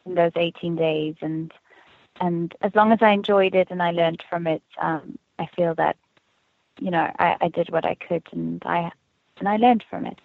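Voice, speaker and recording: A woman's voice: lowish voice, steady tone, normal speed, gravelly, dry recording. A woman from South Africa being interviewed as an actress, chatting freely, laughing often and restarting her sentences. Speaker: actress guest. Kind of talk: casual interview chat. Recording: tinny phone line, dry.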